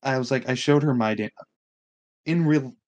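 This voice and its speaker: A young co-host on an informal podcast talks at normal speed with a mid-range voice. He tells his story animatedly, swearing plenty and acting out other people's words.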